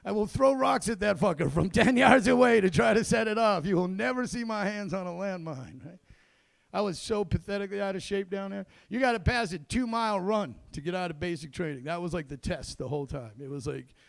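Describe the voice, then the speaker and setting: A man doing a stand-up comedy set on a club stage, telling a story that swings between loud bursts and low muttered asides. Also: fairly quick, creaky, no room sound.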